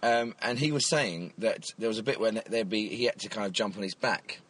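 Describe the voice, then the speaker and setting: An English man co-hosting a casual podcast from a car, talking quickly with a sore throat and telling rambling stories. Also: lowish voice, a bit bright, slight background noise. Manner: quick, chatty storyteller with restarts. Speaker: podcast co-host. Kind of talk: casual chat.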